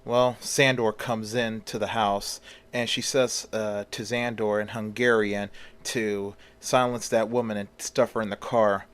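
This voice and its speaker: A man narrating a homemade story in a loose, casual way, with fillers along the way. His voice sits fairly low for a man. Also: level tone, unhurried, a bit bright, clean tone.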